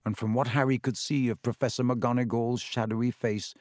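A man narrating a story aloud as an audiobook, in an expressive storytelling manner. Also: mid-range voice, brisk, no echo, clean studio sound.

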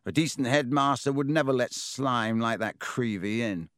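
A man's voice: medium pitch, moderate pace, fairly bright tone, no room sound, clean studio sound, natural voice. A man reading a story aloud and voicing a sneering, spoiled schoolboy wizard with a drawling, scornful manner.

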